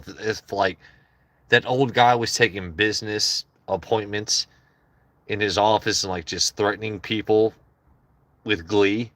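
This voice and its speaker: Low-voiced man rambling to his stream chat. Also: a bit bright, no room sound. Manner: loose, joking, rambling asides to chat. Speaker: livestream host. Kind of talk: casual livestream chat.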